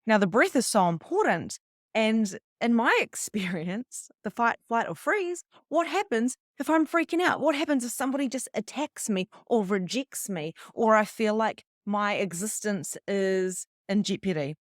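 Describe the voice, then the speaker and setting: Animated woman spiritual coach, dry sound. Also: mid-range voice, moderate pace, no room sound. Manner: chatty and animated, acts out her own panic. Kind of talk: live online workshop teaching.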